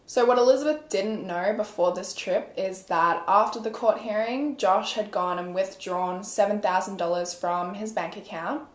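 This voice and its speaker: A woman's voice: medium pitch, moderate pace, hardly any pauses. A young woman telling a true crime story in a casual, chatty way, full of fillers. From Australia. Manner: chatty, filler-heavy, conversational. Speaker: true crime podcast host. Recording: echoey room.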